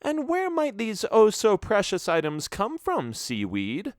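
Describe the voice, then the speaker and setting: A man's voice: high-pitched, huge pitch swings, measured pace, dry recording, studio quality, pitched above the performer's own voice, exaggerated voice. A man voicing a haughty, sly young woman who speaks in a mocking, condescending way in a children's audiobook.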